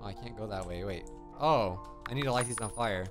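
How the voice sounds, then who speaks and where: A man's voice: on the low side, fairly quick. A man giving playful, joking commentary while playing a video game. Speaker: gaming video host. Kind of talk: let's play commentary. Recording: game music behind.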